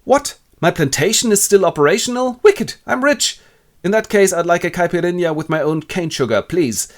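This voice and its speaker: A man doing an excitable greedy castaway. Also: a little high, brisk, voice pushed up, lightly acted. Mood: delighted. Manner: excited exclamations, swearing. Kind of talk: comic storytelling.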